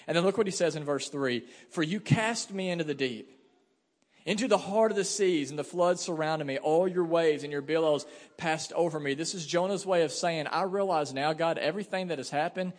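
A man in his thirties preaching a sermon as pastor, telling family stories with lively asides and fillers. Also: a little high. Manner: animated storytelling with asides and fillers. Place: church sanctuary. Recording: hall reverb.

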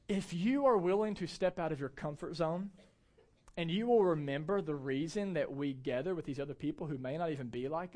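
A man in his thirties preaching a conversational, animated sermon to a church gathering. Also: on the high side. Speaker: pastor.

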